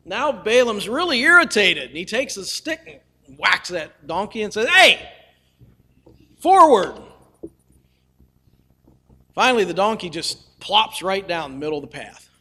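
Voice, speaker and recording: A man's voice: high voice, lively intonation, moderate pace, sharp tone, slightly rough. A male preacher telling a scripture story in a folksy, humorous way, with casual asides to the listeners. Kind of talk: storytelling sermon.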